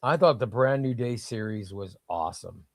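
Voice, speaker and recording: A man's voice: lowish voice, expressive, normal speed, no room sound, clean studio sound. A man hosting a casual comics livestream, reading viewer comments in an enthusiastic, rambling way.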